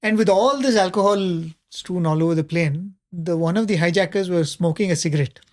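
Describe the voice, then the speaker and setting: A man, a panelist telling a spiritual story in a conversational way, often pausing with fillers and soft laughs. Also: sits high.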